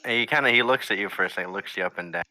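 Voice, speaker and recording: A young man narrating as game master of a tabletop game, halting and restarting often as he describes scenes. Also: lowish voice, pushed and bright, dry recording.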